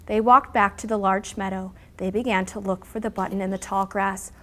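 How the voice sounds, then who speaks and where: A woman teacher reading a picture book aloud to her class, acting out the characters' lines with animated emphasis and pausing to explain. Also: mid-range voice. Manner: animated storyteller, acting out character lines with big loud pushes.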